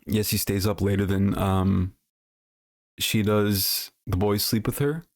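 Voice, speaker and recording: A man chats casually on a livestream, his voice sitting a little low. He rambles and circles back with fillers and restarts. He swears freely and bluntly. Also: takes it slowly. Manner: rambling, many fillers and self-corrections; blunt and profane. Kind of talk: casual stream commentary.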